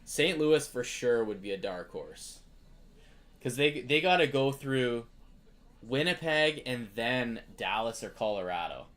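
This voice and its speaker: A man's voice: medium pitch, lively intonation, unhurried, fairly bright tone. A young Canadian man hosting a live card break stream, chatting casually and greeting viewers by name.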